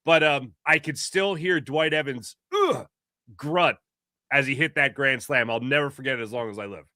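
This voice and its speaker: A man's voice: medium pitch, brisk, bright, forceful tone, no room sound, clean studio sound. A middle-aged man co-hosting a sports talk show, giving casual, emphatic and opinionated takes. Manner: emphatic, opinionated, speeds up when making a point.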